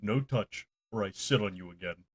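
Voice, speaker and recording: A man's voice: lowish voice, moderate pace, breathy edge. A man doing Old Duke, a mischievous old talking mastiff. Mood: stern.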